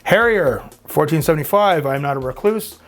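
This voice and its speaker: A man's voice: a little high, animated, moderate pace. A Canadian man in his fifties hosting his own channel, chatting casually and rambling a little as he reads out viewer comments. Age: 50s. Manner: rambling, chatty, frequent filler words. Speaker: YouTube host.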